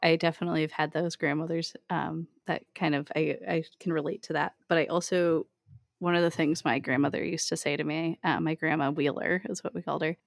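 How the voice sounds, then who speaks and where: Chatty lady host, laughs a lot, lowish voice, dry close sound. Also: fairly even intonation, fairly quick, creaky, no echo. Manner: giggly, chatty storyteller. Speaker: podcast host. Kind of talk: casual interview chat.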